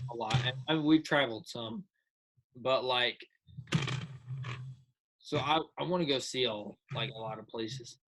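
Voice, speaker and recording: A man's voice: mid-range voice, pushed and bright. A young man co-hosting a podcast, laid-back and joking in casual chat. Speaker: podcast co-host.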